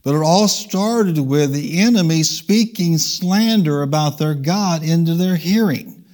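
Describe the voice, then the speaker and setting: A pastor delivers a church sermon, guiding the congregation through call-and-response and varying his speed to stress points. He speaks unhurriedly in a slightly high, slightly mellow voice.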